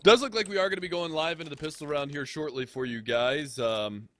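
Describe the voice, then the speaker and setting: American male caster, energetic and teasing, faint noise behind. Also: fairly high pitch. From United States. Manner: energetic, teasing, quick banter. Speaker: esports caster. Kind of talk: live esports commentary.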